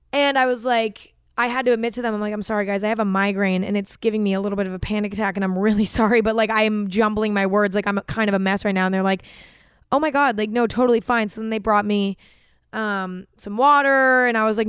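A young woman hosts an advice podcast, telling her own story in loose, casual talk full of swearing and "like". Her voice is smooth and clear. It is recorded dry on a close mic, with no room sound. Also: medium pitch, no echo. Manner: candid, swears freely, fills with "like". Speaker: podcast host giving advice.

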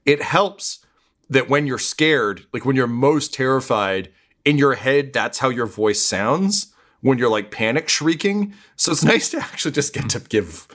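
A man narrating as game master in relaxed, filler-heavy speech. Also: medium pitch, unhurried.

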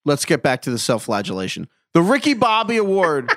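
Animated joking male podcast co-host. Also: a little high, fairly quick, no room sound, clean studio sound. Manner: joking, playful, pop-culture references. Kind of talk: casual chat.

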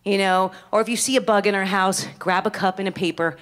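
A woman from Miami doing stand-up comedy, brash and animated, swearing freely on a live stage mic. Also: mid-range voice, fairly quick, background noise. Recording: live stage mic with loud crowd laughter.

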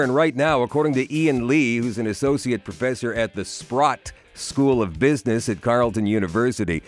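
A man with a Canadian accent presenting a scripted radio news segment, dropping wry editorial asides. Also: mid-range voice.

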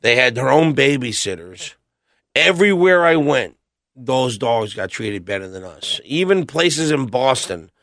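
A man's voice: medium pitch, big pitch swings, a little slow, a bit bright, no echo, studio quality. A middle-aged man, a guest on a podcast, telling rambling, blunt stories and acting out what others said. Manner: blunt, rambling anecdotes with acted-out quotes. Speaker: podcast guest, metal singer. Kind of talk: casual storytelling interview.

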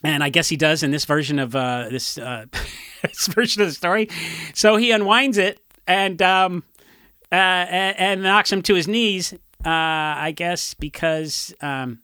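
A man's voice: high voice, unhurried, bright, forceful tone, smooth, no room sound, clean studio sound. A man talking casually as a podcast guest, telling rambling stories with fillers and laughs. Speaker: podcast guest, punk musician. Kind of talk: casual chat.

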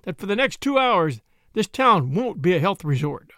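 A man's voice: high-pitched, big pitch swings, normal speed, bright, forceful tone, no room sound, clean studio sound, full character voice. A man voicing an urgent young townsman giving a warning in a storybook reading. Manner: urgent, emphatic.

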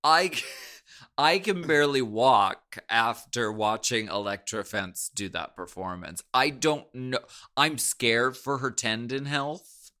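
A man's voice: mid-range voice, takes it slowly, pushed and bright. A man co-hosting a podcast in playful, giggly, joking chat. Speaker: podcast co-host. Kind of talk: casual comedic chat.

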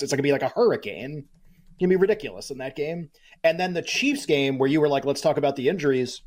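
A man co-hosting a sports talk show, riffing in an animated, incredulous way and often restarting his sentences. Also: on the high side. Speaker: sports radio co-host.

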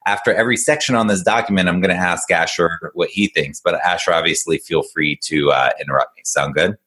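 A man with a very deep voice coaching kids in a casual conversation. He explains in an upbeat, patient way, often checking in with his listener. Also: brisk, sharp tone. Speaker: executive functioning coach.

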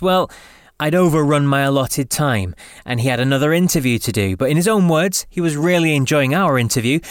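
A man's voice: fairly high pitch, dry recording, studio quality. A man hosting a podcast in an upbeat, friendly way. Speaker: podcast host.

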